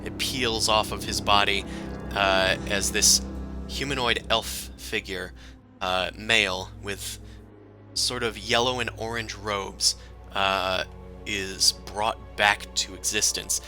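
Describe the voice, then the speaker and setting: A man narrating as game master of a tabletop game, halting and full of fillers. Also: on the low side, steady tone, pushed and bright, faint music behind.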